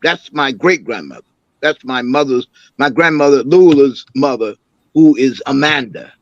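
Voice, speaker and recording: An older man, an imam and councilman, recounting family memories as an interview guest with an animated, storytelling manner. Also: mid-range voice, normal speed, no echo, muffled recording. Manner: animated storyteller, acts out quoted voices.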